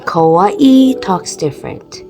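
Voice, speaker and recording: Slow-talking woman with a Hawaiian Pidgin accent. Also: medium pitch, animated, a little mellow, low-quality recording. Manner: chatty, laughing, many restarts. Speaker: vlogger. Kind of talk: casual explainer talk. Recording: music playing behind.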